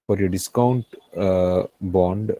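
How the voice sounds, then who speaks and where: A man with a low, mellow voice and an Indian English accent, recorded dry and close. He lectures on finance and repeats key phrases over and over, often stopping to ask whether the class understands. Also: steady tone, slow, no room sound, highs cut off. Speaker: finance tutor.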